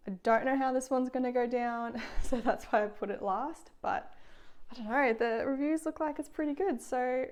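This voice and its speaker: A woman's voice: sits high, normal speed, a little mellow. A woman chatting casually through a cooking vlog in her kitchen, self-deprecating and laughing often. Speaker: food vlogger. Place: home kitchen.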